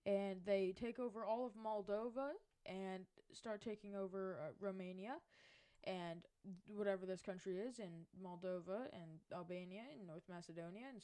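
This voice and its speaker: A woman talking casually over an alternate-history map, seated in her chair at home. She rambles, trails off and corrects herself, in a voice of ordinary middle pitch. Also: warm tone. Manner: rambling, self-correcting, chatty. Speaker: mapping video creator.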